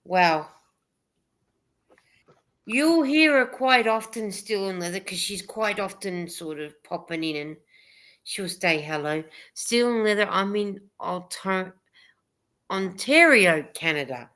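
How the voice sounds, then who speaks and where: A woman's voice: medium pitch, lively intonation, a little slow, a bit bright. A woman hosting a casual livestream chat, rambling a little and reading viewer comments aloud. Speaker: host of a live chat stream.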